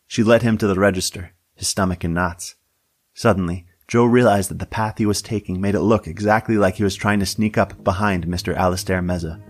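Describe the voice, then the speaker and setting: A man narrating a story in an even, measured audiobook style. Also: sits low.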